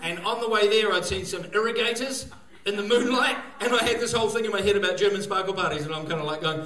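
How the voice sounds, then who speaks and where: A man with a New Zealand accent performs a loose, rambling stand-up set, his voice sitting fairly high. He leans on fillers and bursts into shouts now and then. The sound is echoey and roomy, heard from some distance off the mic. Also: fast, few pauses. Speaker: stand-up comedian. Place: live venue stage.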